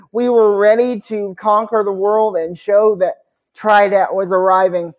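A man speaks as a guest on a podcast interview. His delivery is earnest and measured as he tells a personal story. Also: high voice, level tone.

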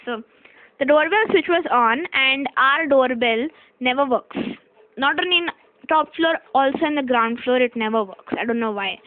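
A woman's voice: high-pitched, dry recording. A young woman, casually telling a personal story in a chatty, rambling way, correcting herself and tossing in "okay?" asides. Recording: dry, tinny phone-like sound.

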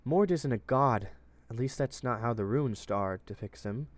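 A man voicing a wounded, frightened young captive woman with a low, somewhat manly voice, who pleads and stammers. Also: moderate pace, no echo, natural voice. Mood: pleading.

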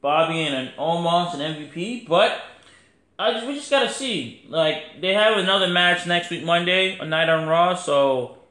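A man's voice: fairly high pitch, expressive, normal speed, bright, forceful tone, echoey room. A man hosting his podcast, giving a casual, rambling wrestling review full of slang and fillers. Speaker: podcast host.

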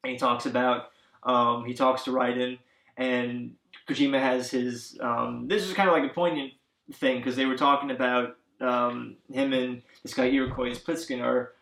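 Male podcast co-host, casual and rambling, mid-pitched, echoey room sound. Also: steady tone, moderate pace, gravelly, a bit bright. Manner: rambling, many fillers, acts out characters' lines. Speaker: podcast co-host recapping a video game. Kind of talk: casual chat.

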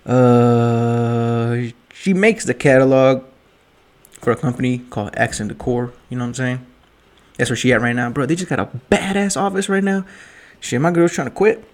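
A young man casually telling a late-night story as a vlogger, rambling and profane, full of slang and jokes, drinking while he talks. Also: medium pitch. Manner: rambling, profane, joking slang with 'yo' and 'bruh'.

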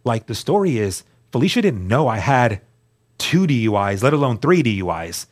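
A man's voice: medium pitch, very animated, moderate pace. A man as a guest, telling his personal story in an earnest, candid way, often restarting and repeating words. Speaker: guest sharing his testimony.

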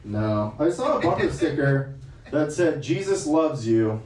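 A man's voice: expressive, a little slow, roomy sound, recorded from a distance, slight background noise, poor audio. A man doing a stand-up comedy set, brash and crude in his delivery. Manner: brash, crude, loud swings in pitch.

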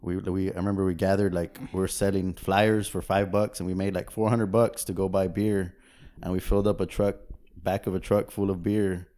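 Laid-back, low-voiced man telling rowdy stories. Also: little pitch movement, moderate pace, dark tone. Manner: rambling storyteller, laughs often, acts out quotes. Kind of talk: casual podcast chat.

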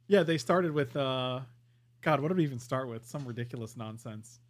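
A man co-hosting a podcast in casual chat, animated and emphatic. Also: mid-range voice, normal speed. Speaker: podcast co-host.

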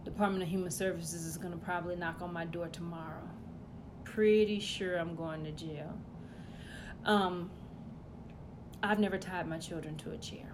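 A woman delivering a profane comedic rant, loud and blunt, swinging between shouting and muttering asides. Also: fairly low pitch, fairly even intonation, moderate pace, long pauses, background noise.

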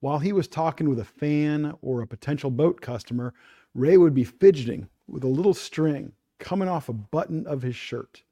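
A man hosting a fishing talk show, delivering a scripted opening monologue in a measured storytelling cadence. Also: fairly high pitch, warm tone.

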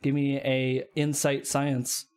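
A man's voice: medium pitch, completely flat delivery, slow, a little mellow, clean tone. A man running a casual tabletop game as game master, narrating loosely with lots of fillers and jokes. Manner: loose, joking, many fillers.

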